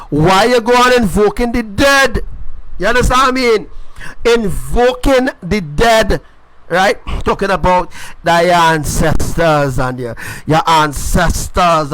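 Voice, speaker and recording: A man preaching on a livestream, repeating phrases and rising to shouts. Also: high voice, slow, a little hiss or hum, rough recording. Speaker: self-styled prophet preacher.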